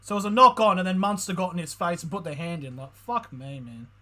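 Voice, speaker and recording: Excitable, swearing man calling a match. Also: high-pitched, fast. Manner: excitable, swears a lot, shifts from calm calls to loud outbursts. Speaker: streamer. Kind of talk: live play-by-play reaction commentary.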